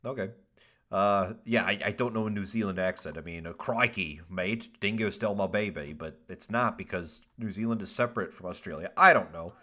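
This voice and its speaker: A man's voice: low voice, fairly quick. A man hosting a casual podcast, reading odd news stories aloud with jokes, swearing and laughter. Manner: animated, laughs often, swears, ad-libs jokes.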